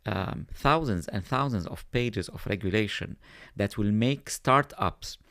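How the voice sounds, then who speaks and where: A man speaking as a podcast guest, explaining at length in a thoughtful way and pausing on fillers. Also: on the low side, fairly bright tone, dry recording, studio quality. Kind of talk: conversational explaining.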